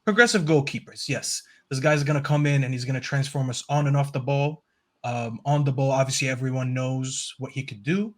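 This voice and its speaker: A man's voice: medium pitch, a little fast. A man with an ordinary mid-range voice talks as a football fan on a panel. He speaks earnestly, rambling a little and stopping often to find his words. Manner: earnest, rambling, lots of "um" fillers. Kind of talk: casual panel chat.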